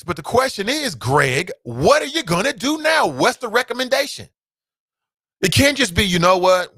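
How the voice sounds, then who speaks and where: A man's voice: high voice, pushed and bright, dry recording. A man hosting his own talk show, ranting bluntly and passionately, swearing at times. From United States. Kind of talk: opinionated solo commentary.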